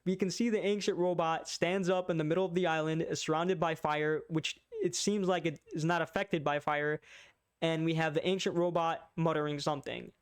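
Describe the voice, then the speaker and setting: A man's voice: fairly high pitch, steady tone, moderate pace, smooth. A man recapping and reacting to a manga chapter in casual commentary, full of slang, fillers and stutters.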